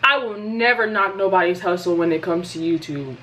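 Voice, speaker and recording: A woman's voice: fairly low pitch, brisk, a bit bright. Chatty young woman vlogger. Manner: chatty and playful, informal slang, addresses viewers as y'all. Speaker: YouTube reaction host. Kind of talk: casual outro chat to viewers. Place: indoors at home, sunlit room.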